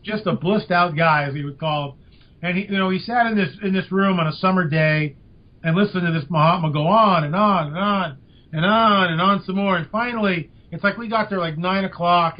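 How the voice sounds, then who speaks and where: An older man, a podcast guest, telling a story with lively emphasis. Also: high-pitched. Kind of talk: storytelling in an interview. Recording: dull lo-fi audio.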